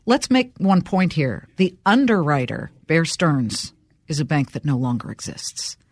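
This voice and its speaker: Female business TV host, dry close sound, direct and brisk interviewer. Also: deep voice, sing-song, a little mellow, no echo. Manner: quick, direct questioning. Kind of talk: interview hosting.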